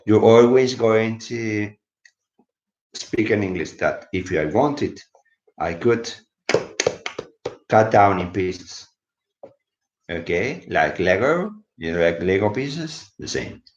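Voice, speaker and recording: With a fairly low, animated voice, a slow pace and frequent pauses, a somewhat sleepy man leads a casual live English lesson on video. He explains words by switching between English and another language; the room echoes and the sound is dull and lo-fi.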